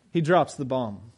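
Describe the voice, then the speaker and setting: A man delivering a sermon in a plain, conversational way, with a voice of ordinary pitch for a man. He presses his points with direct rhetorical questions to the listeners. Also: darkish tone, breathy edge. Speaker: pastor.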